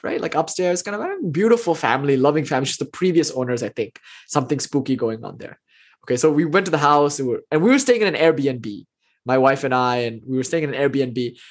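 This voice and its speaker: A man giving a casual spiritual storytelling talk, chatting with his listeners and livening up the people in his tales. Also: mid-range voice. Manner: conversational, often checks in with the listeners. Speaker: speaker telling spiritual stories.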